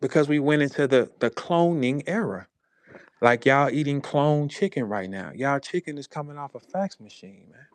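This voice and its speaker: A man with a St. Louis accent hosting a casual chat, telling stories loudly and acting out dialogue. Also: normal speed, no room sound. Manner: animated storyteller who acts out dialogue with big pitch jumps. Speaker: host. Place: online audio space.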